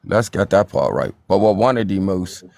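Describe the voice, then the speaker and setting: Calm low-voiced Bermudian man calling in. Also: gravelly, dry recording, clean studio sound. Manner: calm and measured, hesitant with fillers. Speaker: caller. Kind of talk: call-in discussion.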